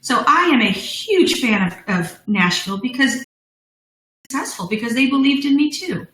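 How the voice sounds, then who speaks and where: Bubbly woman with a lively, high voice. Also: moderate pace, echoey room, poor audio. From United States. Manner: bubbly, laughs often, acts out voices in her stories. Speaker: guest, cupcake business founder. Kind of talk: animated storytelling in a live interview.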